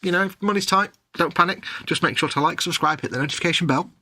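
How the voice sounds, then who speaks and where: A man chatting on a live stream, joking and teasing his co-host. His voice is bright and forward with a husky edge. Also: a little high, quick pace, no echo. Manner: jokey, teasing, goes off on silly tangents. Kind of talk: casual chat on a live stream.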